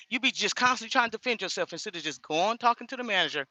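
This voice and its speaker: A middle-aged woman truck driver talks into her phone camera inside a grocery store, outspoken and animated. Her voice swings widely and has a bright, sharp edge. The sound is close and dry. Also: mid-range voice, very fast, hardly any pauses, no echo. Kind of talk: casual vlog chat.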